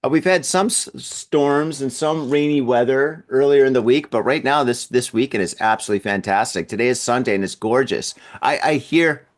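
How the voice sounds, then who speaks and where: A man's voice: mid-range voice, normal speed, hardly any pauses. A male podcast host talking casually on his own at home, his voice sitting in an ordinary middle register. He wanders from thought to thought, doubles up his words, and breaks into easy chuckles. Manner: rambling, repeats words, chuckles often. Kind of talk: casual solo podcast monologue. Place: at home in an apartment building.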